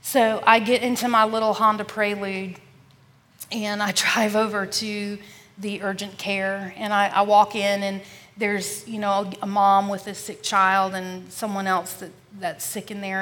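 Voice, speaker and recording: Woman telling her testimony, says y'all a lot, goes quiet and hushed at times, mid pitch, reverby sound. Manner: earnest, addresses listeners as y'all; often drops to a soft, hushed voice. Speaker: podcast guest. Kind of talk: personal faith testimony.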